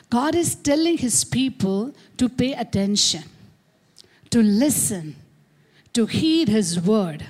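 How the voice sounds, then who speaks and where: Slow, emphatic woman preaching a sermon. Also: medium pitch, expressive, a little mellow. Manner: emphatic preaching with call-and-response repetition. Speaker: pastor. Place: church service.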